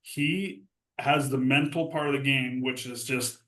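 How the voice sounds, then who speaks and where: A man's voice: mid-range voice, steady tone, measured pace, sharp tone, reverberant, poor audio. A man telling old hockey stories in casual podcast chat, laughing often and acting out quotes. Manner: laughing storyteller, acts out quotes. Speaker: podcast host.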